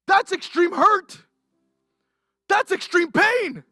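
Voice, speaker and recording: A pastor delivering a livestreamed sermon, impassioned and emotional, rising to near-shouts and dropping to hushed softness. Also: very high-pitched, expressive, slow pace, no room sound, clean studio sound. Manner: impassioned, swings from raised intensity to hushed softness. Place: church.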